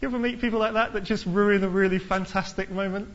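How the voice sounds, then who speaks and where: A man preaching a sermon in a lively storytelling manner, acting out the people in the story. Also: high voice, fast talker, dull audio. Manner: lively storytelling, acts out characters.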